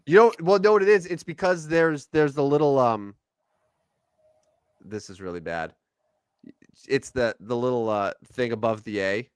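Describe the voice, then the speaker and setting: A man co-hosting a sports podcast, chatting casually about basketball stats and players with an animated delivery. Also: mid-range voice, moderate pace, pauses often, clean tone, no room sound. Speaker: podcast co-host. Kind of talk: casual sports chat and game commentary.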